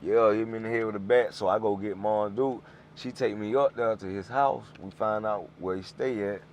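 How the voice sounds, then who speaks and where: Guest rapper, low and animated, tells stories with voices. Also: male voice, moderate pace, slight background noise. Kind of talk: casual storytelling.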